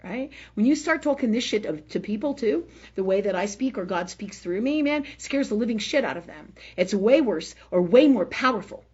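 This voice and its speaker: A woman's voice: medium pitch, expressive, moderate pace, hardly any pauses, darkish tone, breathy edge, dull audio. A woman hosting a live spiritual talk forum, speaking emphatically, swearing freely and often asking "right?". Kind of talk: unscripted spiritual talk on a livestream.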